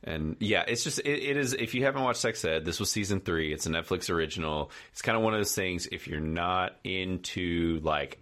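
Deep-voiced laid-back podcast host. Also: male voice, brisk, hardly any pauses, a bit bright. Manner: laid-back, agreeable, leads the talk. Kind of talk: casual chat about movies and shows.

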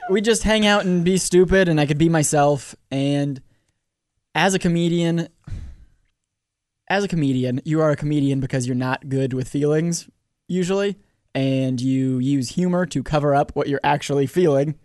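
A man's voice: fairly high pitch, moderate pace, darkish tone, dry recording, clean studio sound. Rambling self-mocking young comedian, man. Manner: rambling, self-deprecating, restarts often. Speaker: comedian guest. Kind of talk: casual chat, personal story.

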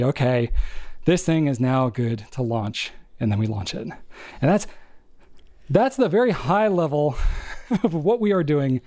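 A man co-hosting a casual podcast, explaining at length in an animated, rambling way. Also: on the high side. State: out of breath. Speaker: podcast co-host.

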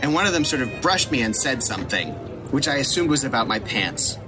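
A middle-aged man, a podcast guest telling an animated, self-deprecating story and laughing at himself. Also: mid-range voice, a little fast, music in the background. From United States.

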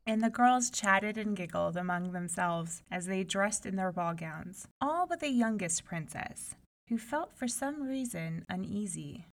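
A woman storyteller reading a folk tale aloud with a mid-pitched voice. Her delivery is expressive and animated, shaped for listeners who are hearing a story. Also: a little slow. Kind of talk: fairy tale read aloud.

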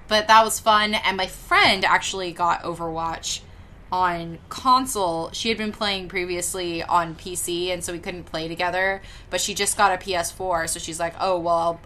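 A woman co-hosting a podcast, telling stories in a casual, animated way with laughter and casual swearing. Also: on the low side, slight background noise. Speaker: podcast co-host. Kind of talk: casual chat.

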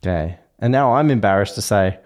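A man hosts a casual podcast chat in a fairly low voice. He talks playfully, hesitating and trailing off into fillers as he goes. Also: expressive, a little fast, a little mellow. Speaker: podcast host.

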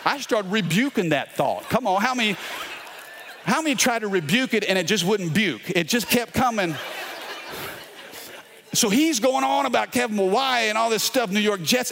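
A middle-aged pastor with a Louisiana accent preaching in a fairly high voice. He tells a personal story with repeated words and keeps calling out to the congregation. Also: gravelly, fairly bright tone, slight background noise. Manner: storytelling with repetitions and crowd call-outs. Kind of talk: sermon.

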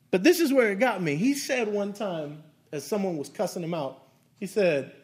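A pastor preaching to his congregation, his voice sitting high for a man. He delivers the sermon conversationally, weaving stories into it. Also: normal speed, a little mellow. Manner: conversational preaching with storytelling asides.

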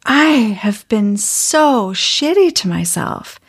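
A woman hosts a conversation podcast and reflects back on what her guest says in thoughtful, spiritual language. She speaks at an unhurried pace, and her pitch is an everyday one for a woman. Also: very animated, creaky, husky. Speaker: podcast host. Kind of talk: conversational interview.

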